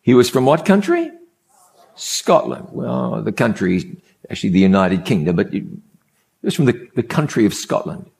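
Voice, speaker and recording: A man's voice: mid-range voice, very animated, normal speed, creaky, darkish tone. A man preaching a sermon, telling a story in an emphatic way and repeating key phrases for effect.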